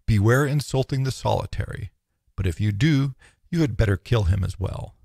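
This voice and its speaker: A man with a low, gravelly voice reads a philosophical text in a measured, solemn declamation. The recording is dry and close, with no room sound. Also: animated, a little mellow, no echo. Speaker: narrator. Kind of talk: audiobook reading of philosophy.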